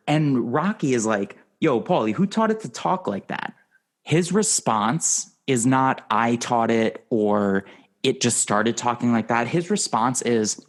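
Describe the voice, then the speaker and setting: A man hosting a podcast in casual movie talk, animated and acting out quotes with laughs. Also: mid-range voice, measured pace. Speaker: podcast host.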